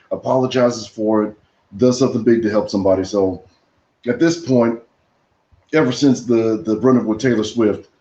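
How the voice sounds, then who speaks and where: A man's voice: medium pitch, dark tone. Opinionated man in a roomy, dull room. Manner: measured, opinionated, explains his views at length. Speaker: podcast guest. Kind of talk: casual podcast chat.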